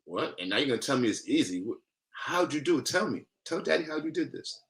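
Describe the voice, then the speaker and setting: A man's voice: medium pitch, sing-song, a little fast, fairly bright tone, voice pushed up. A man voicing a busy father amazed by his young son, in a told story. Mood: astonished.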